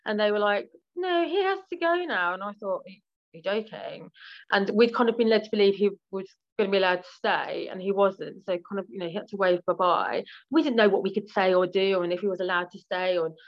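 A woman's voice: mid-range voice, fairly even intonation, fairly quick, dull audio. A British woman speaking frankly as an interview guest, with lots of fillers and restarts. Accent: British English. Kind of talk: candid podcast interview.

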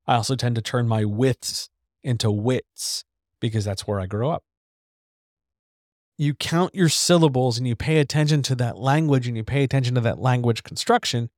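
A man with a mid-range, slightly mellow voice hosts a casual writing podcast, recorded dry on a studio microphone with studio quality. In this relaxed instructional chat about writing he's candid and swears freely, dragging his S's and hitting his D's and T's hard.

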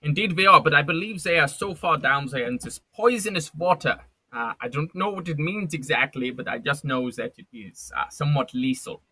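Guy playing a ship captain, husky and really bright, kinda high, measured. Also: no echo, exaggerated voice. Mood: calm. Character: calm male ship captain.

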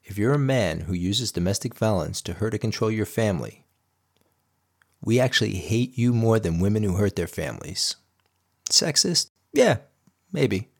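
A middle-aged man hosts his podcast in a scripted monologue. He talks bluntly and with emphasis, swearing now and then, his voice sitting somewhat low for a man. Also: lively intonation, moderate pace. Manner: blunt and emphatic, with crude language. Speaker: podcast host.

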